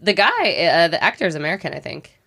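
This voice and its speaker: A woman co-hosting a podcast, chatty and giggly as she talks in quick bursts. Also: on the low side, very animated, creaky, bright, forceful tone. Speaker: podcast co-host. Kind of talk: casual chat.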